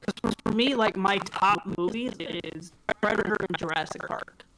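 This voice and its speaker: A young man with a high voice chats casually with friends while streaming a game. He talks loosely, swears freely and fills his talk with "like". His voice comes through a noisy voice-chat line. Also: normal speed. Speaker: streamer playing a video game. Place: online voice chat.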